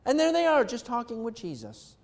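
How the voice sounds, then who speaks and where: High-voiced pastor preaching, gets quiet then loud, real animated. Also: male voice, fairly quick. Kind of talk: sermon.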